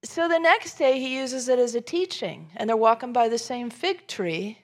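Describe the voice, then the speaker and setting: A woman preaching a sermon in a gravelly, somewhat high voice. She tells the story with animated voices for the people in it. She swings from loud, forceful emphasis down to soft near-whispers. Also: moderate pace. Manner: animated storytelling, acting out Jesus' lines. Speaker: pastor.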